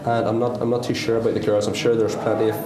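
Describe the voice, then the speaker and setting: A man's voice: lowish voice, flat delivery, quick pace. A male PE teacher, answering interview questions hesitantly with lots of ums and restarts. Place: busy school hall at an open night. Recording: echoey hall with crowd chatter.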